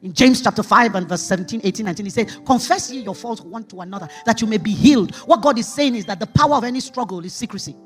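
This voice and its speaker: A woman preaching a sermon testimony, emphatic, jumping from loud outbursts to hushed asides. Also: medium pitch, animated, fast talker, hardly any pauses, faint music behind.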